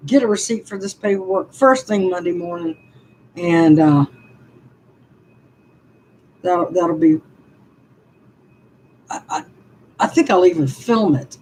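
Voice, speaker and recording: A woman's voice: mid-range voice, darkish tone, a little hiss or hum, low-quality recording. A woman in her sixties, venting on a live stream. She sighs often and talks to her chat about her frustration. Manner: frustrated, sighing, speaks to chat.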